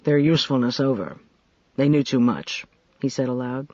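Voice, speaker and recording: A man voicing a calm, weary male spy chief who speaks in a dry, measured way. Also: no room sound, dull audio, close to an everyday voice. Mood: weary, sober. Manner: dry, measured, low-key.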